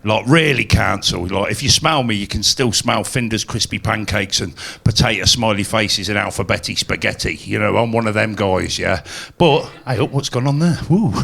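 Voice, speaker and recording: A man works a live crowd, swinging between chatty asides and loud punchlines. His voice sits low with a gravelly edge, and he pokes fun at himself throughout his stand-up set. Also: moderate pace, few pauses. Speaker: stand-up comedian. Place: live comedy venue.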